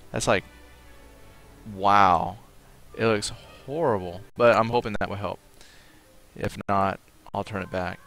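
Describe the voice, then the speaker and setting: A man's voice: fairly low pitch, moderate pace, fairly bright tone, soft background music. A man streaming a game live, chatting casually, thinking aloud and reading out viewers' comments. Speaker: livestream gamer.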